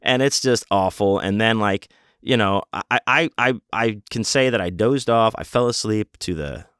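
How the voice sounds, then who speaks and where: A man's voice: lowish voice, normal speed, fairly bright tone, clean tone, no echo, clean studio sound. A man telling a casual, rambling story full of swearing, fillers and restarts.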